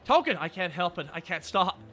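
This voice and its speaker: A shrieking, panicky cartoon man, put on by a man. The voice sits high and slides all over the place. Every word gets dragged out slowly and with full alarm. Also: very animated, a bit bright, faint music behind. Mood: pleading. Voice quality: shrieking, drawn-out.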